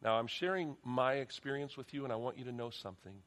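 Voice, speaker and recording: A man's voice: mid-range voice, fast, fairly bright tone. A middle-aged man preaching a sermon in a church, earnest, often repeating words as he starts a sentence, then leading a prayer. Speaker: pastor. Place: church sanctuary.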